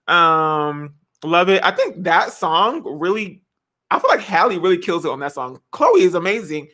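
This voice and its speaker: Woman in her 20s, lively dramatic vlogger chatting to camera. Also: on the low side, moderate pace. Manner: animated, dramatic, laughs often, sings snippets. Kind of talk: casual chat.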